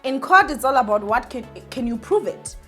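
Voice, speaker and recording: A woman's voice: sits high, lively intonation, moderate pace, fairly bright tone, soft background music. A woman giving an opinionated vlog commentary, ranting indignantly and speaking straight to her viewers. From South Africa. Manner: emphatic, repeats points, many fillers. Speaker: entertainment vlogger.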